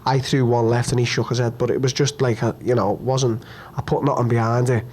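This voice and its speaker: A young man answers post-fight press questions in a mid-range voice with little pitch movement and a darkish tone, with some hiss or hum audible. Upset and hurt after losing, he's blunt, repetitive and profane, stumbling and restarting haltingly.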